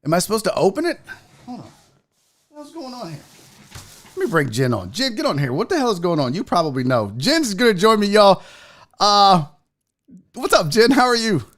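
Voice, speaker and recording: A man hosting a casual sports livestream, excitable, emotional and quick to swear. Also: high voice. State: out of breath. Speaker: sports show host.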